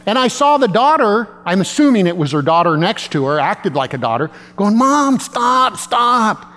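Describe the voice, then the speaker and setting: A man's voice: high voice, animated, fairly quick, fairly bright tone, big-room sound. A male pastor preaching a sermon in a conversational way, with self-deprecating humor.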